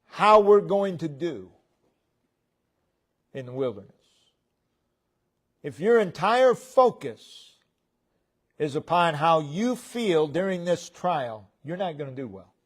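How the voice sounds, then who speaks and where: A man preaching a sermon in a church, speaking in short, deliberate phrases that trail off at the ends. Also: a little high, darkish tone. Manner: slow, deliberate preaching with pauses between phrases; voice falls away at the ends of phrases.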